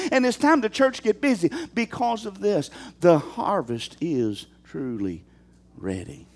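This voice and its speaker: Male pastor, high voice with lots of swing, animated sermon delivery with calls to the church. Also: unhurried. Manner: animated preaching, rhetorical questions to the congregation.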